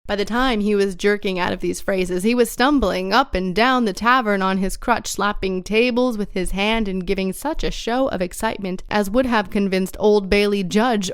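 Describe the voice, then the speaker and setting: A woman narrating an audiobook in a measured, even storytelling manner. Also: mid-range voice, clean tone, no room sound, studio quality. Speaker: audiobook reader.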